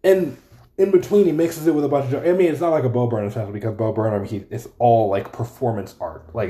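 A man's voice: medium pitch, mellow. A young man hosting a casual solo podcast, rambling, swearing freely and correcting himself mid-sentence from a room at home. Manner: rambling, profane, self-correcting. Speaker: podcast host. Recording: roomy echoey room.

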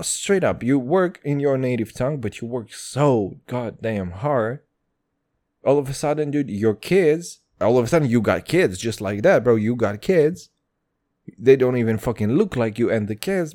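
A man's voice: mid-range voice, animated, normal speed, warm tone. A man in his twenties hosting a podcast alone, talking in a profane, rambling, slang-heavy casual monologue. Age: 20s. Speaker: podcast host.

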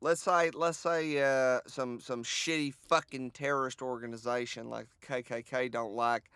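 Southern guy on a podcast mic, swears a ton, rambles and gets worked up, bright clean voice. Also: medium pitch, moderate pace, clean tone, dry recording. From American South. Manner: profane, rambling, gets loud and excited. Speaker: podcast co-host. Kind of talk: comedic podcast banter. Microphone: podcast microphone.

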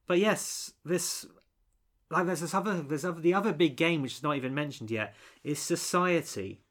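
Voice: medium pitch, normal speed, fairly bright tone. A co-host reviewing a film in casual chat, rambling with many restarts and fillers.

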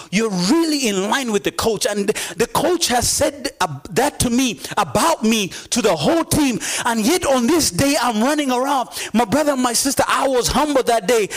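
A man preaching a sermon, building to emphatic repeated calls and often stammering through restarts. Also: very high-pitched. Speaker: pastor.

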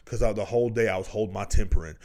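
A man's voice: on the low side, rapid-fire, darkish tone. Profane, rambling man telling stories. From Texas. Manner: profane, rambling, laughing as he tells it. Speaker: podcast host. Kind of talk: casual storytelling.

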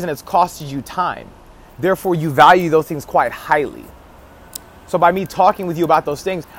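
A man talking to his viewers in a casual vlog about marketing, emphatic, with key phrases repeated and frequent restarts. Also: fairly high pitch. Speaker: marketing vlogger. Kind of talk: casual marketing advice talk to camera.

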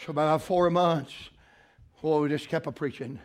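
An older man with a Southern US accent, preaching a sermon as pastor, moving between quiet storytelling and shouted exhortation. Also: on the high side, steady tone, moderate pace. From South Carolina.

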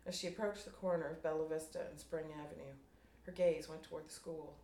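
A woman reading her own fiction aloud to a writers' group, measured and unhurried. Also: low voice, steady tone, mellow. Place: room at a writers' group meeting. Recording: roomy room, distant mic, faint noise.

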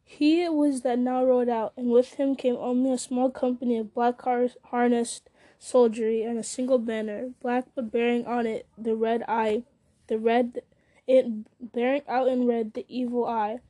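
A woman's voice: fairly high pitch, level tone, normal speed, dark tone. A woman reading a fantasy novel aloud, often stumbling and restarting words. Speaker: reader.

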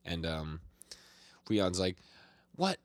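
Podcast co-host, man with a deep voice, casual recap style, quoting characters, dry sound. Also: normal speed, dry recording. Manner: retells scenes, quoting characters with light voice shifts, frequent laughs and restarts. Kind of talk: casual chat recapping manga chapters.

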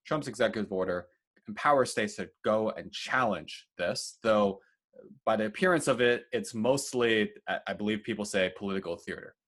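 Low-voiced man co-hosting a podcast. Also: normal speed, fairly bright tone. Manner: talks through news at length, with fillers and asides. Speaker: podcast co-host. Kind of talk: casual chat and news rundown.

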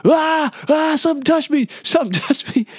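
A man imitating his panicking male friend in the water, high-pitched and frantic. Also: normal speed, creaky, husky, exaggerated voice. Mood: panicked. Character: panicking burly male mate in open water.

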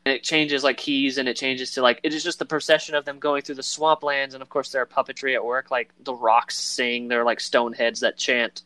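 A man's voice: mid-range voice, level tone, brisk, few pauses, sharp tone. A man co-hosting a casual chat about a film, rambling with lots of fillers and acting out quoted lines in voices. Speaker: podcast co-host.

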